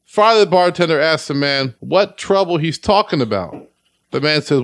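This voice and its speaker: A man telling jokes in a casual chat, relaxed and offhand. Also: a little high, normal speed, no echo, clean studio sound.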